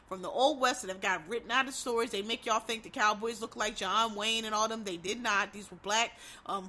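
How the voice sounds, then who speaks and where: A woman's voice: mid-range voice, bright, forceful tone. A woman vlogger giving blunt, profane, emphatic opinions in casual commentary, full of rambling asides. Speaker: vlogger reviewing films and shows.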